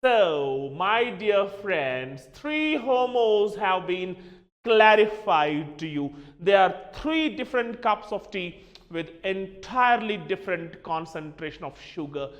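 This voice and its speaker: A man's voice: high-pitched, expressive, slow pace, in a large hall. A man teaching a spoken English lesson, spelling words out letter by letter and calling his listeners "my dear friends". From Kashmir.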